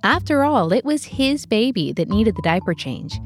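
A woman narrating a true story in an earnest, measured way, as the host. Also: mid-range voice, sing-song, soft background music. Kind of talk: scripted narration.

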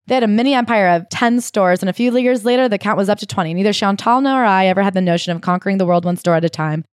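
A woman co-hosting a podcast, chatting casually as she retells a memoir with animated asides. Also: medium pitch, quick pace, smooth, dry recording, clean studio sound. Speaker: podcast co-host.

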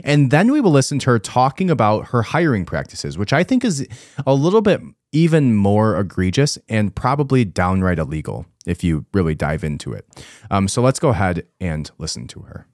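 A man's voice: fairly low pitch, big pitch swings, moderate pace, darkish tone, no echo, studio quality. A man hosting a podcast, giving casual, emphatic commentary and repeating his points for force. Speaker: podcast host.

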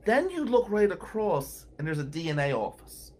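A man's voice: high-pitched, normal speed. A man telling courthouse stories as a regular on a radio talk show, acting out the people he quotes. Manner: animated anecdotal storyteller, acts out quotes.

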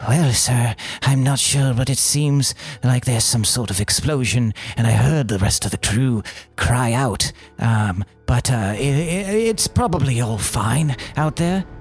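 A man's voice: medium pitch, unhurried, hardly any pauses, slightly rough, soft background music. A man voicing a nervous, deferential underling who stammers while reporting to his boss.

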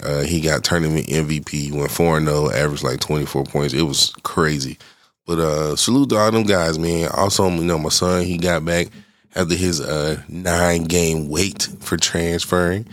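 Middle-aged male podcast host with a cold, very deep and stuffy voice. He rambles casually and cuts himself off. Dry and close, with no room sound. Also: no echo. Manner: rambling and loose, self-interrupting. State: congested. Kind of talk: casual solo podcast chat.

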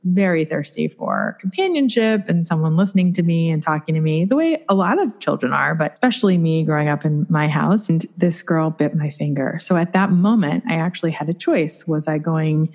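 Brief: middle-aged woman podcaster from New York, deep voice, chatty storyteller. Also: brisk, few pauses. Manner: chatty, expressive, acts out quoted voices. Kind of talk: personal storytelling monologue.

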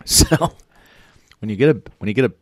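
A man's voice: fairly low pitch, moderate pace, a little hiss or hum. A man co-hosting a casual food tasting, laughing often and restarting his sentences as he describes the bread. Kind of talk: casual chat.

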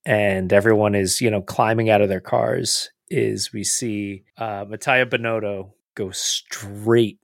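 A man's voice: fairly low pitch, unhurried, vocal fry, few pauses, no room sound, studio quality. A man co-hosting a casual podcast chat, retelling racing moments and acting out the quotes. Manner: animated storytelling, acts out quotes. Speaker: podcast co-host.

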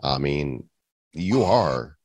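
A man's voice: very deep voice, very animated, drawn-out words, crowd noise. A man co-hosting a podcast, joking around in an upbeat, casual way. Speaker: podcast co-host. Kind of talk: casual chat.

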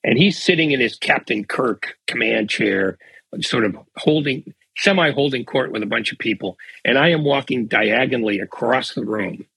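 A man's voice: mid-range voice, fairly bright tone, no room sound. An older man, a veteran sportswriter, telling dry, wry anecdotes as a guest on a casual podcast. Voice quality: raspy.

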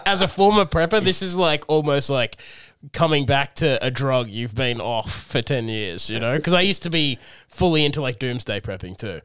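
A man's voice: mid-range voice, moderate pace, a bit bright, clean tone, no echo. A man, co-hosting a comedy podcast with dry, jokey asides in casual chat.

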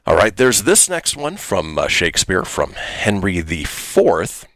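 A man's voice: sits low, huge pitch swings, unhurried, hardly any pauses, fairly bright tone, dry recording. A man hosting a radio show in casual chat, laughing often and using many fillers.

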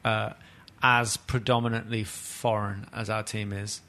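A man, co-hosting a casual football podcast, lively and swearing as he talks. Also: lowish voice, measured pace. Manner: lively, swears, laughs often. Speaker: podcast co-host.

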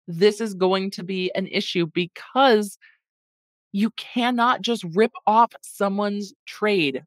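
A woman with a medium-pitched voice speaks slowly in a dry recording, hosting a podcast about a food lawsuit. She's chatty and wry, adding sarcastic asides.

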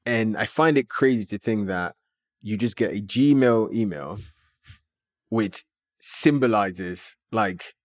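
A man, a company founder, telling a story as an interview guest in an animated way, with many filler words. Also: fairly low pitch, slow pace, no echo, clean studio sound.

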